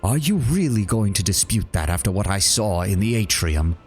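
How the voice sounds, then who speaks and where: A man's voice: lowish voice, sing-song, a little mellow, faint music behind. A man playing a zealous preaching accuser. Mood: accusing. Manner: preachy, measured.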